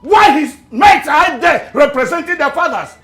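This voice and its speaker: An actor playing an angry older king with a Nigerian accent, shouting commands in a film. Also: very high voice, animated, moderate pace, soft background music. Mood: furious. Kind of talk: film acting. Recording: echoey room.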